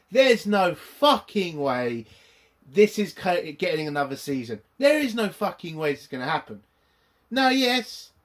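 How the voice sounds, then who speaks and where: A man's voice: sits high, a bit bright. A man reviewing a TV episode in a furious, profanity-heavy rant. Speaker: YouTube reviewer. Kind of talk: angry ranting review.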